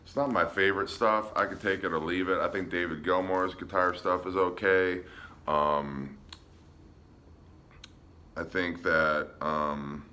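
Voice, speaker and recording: A man casually showing his record collection on a vlog, relaxed and hesitant, with frequent ums. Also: low voice, unhurried. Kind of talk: casual show-and-tell vlog.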